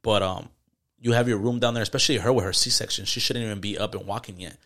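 Fast-talking man swearing through a story. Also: fairly low pitch, steady tone, bright, forceful tone. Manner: storytelling with heavy swearing and slang. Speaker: podcast co-host. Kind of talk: casual chat.

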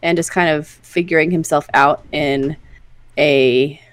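A woman's voice: low voice, steady tone, a little slow, no room sound. A woman co-hosting a podcast, chatting casually and rambling with lots of filler words. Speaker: podcast co-host. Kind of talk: casual chat.

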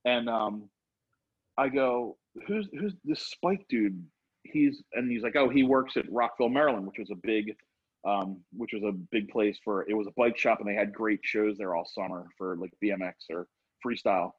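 Middle-aged male storyteller, husky, rambling and animated, muffled lo-fi audio. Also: on the low side, moderate pace. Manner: rambling, animated, acts out quotes. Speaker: storyteller guest. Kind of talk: casual storytelling. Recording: dull lo-fi sound.

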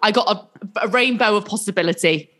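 A woman's voice: mid-range voice, fairly quick, fairly bright tone. A woman chatting casually on a podcast, frank and bawdy, joking and slipping into silly quoted voices. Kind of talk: casual chat.

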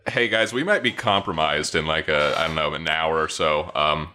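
A man's voice: extremely low pitch, moderate pace, pushed and bright. A man taking part as a player in a tabletop game, laid-back and joking. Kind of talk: casual tabletop play.

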